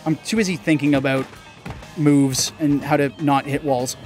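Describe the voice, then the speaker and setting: A young man with a slightly high voice talks through his gameplay in a loose, chatty way. He jumps into high yelps and mild swearing when a move fails. Faint game music plays behind him. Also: moderate pace. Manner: excitable, bursts into high yelps and laughs at mistakes. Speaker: gaming channel host. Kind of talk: casual gameplay commentary.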